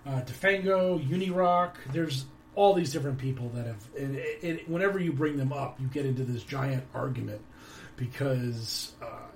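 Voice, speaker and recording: A man's voice: mid-range voice, moderate pace, a little hiss or hum. A man hosting his own show, talking in a rambling, sardonic way with lots of fillers. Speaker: podcast host. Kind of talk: casual commentary.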